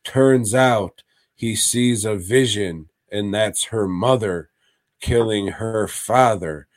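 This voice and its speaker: Brief: male podcast co-host, crude and rambling, unhurried, dry close sound. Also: on the low side, dry recording. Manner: crude, rambling recaps with laughs. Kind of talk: casual podcast chat.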